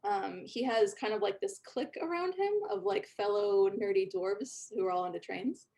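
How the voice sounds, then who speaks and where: A woman running a tabletop game, describing scenes in a relaxed, chatty way full of little fillers. Her voice sits at a middle pitch for a woman. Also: moderate pace. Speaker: game master.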